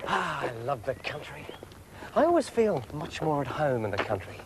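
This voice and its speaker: Brief: a pompous, airy know-all, lively pitch, inside a knocking car with engine noise. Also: male voice, moderate pace. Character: pompous, self-styled city man who knows nothing of engines.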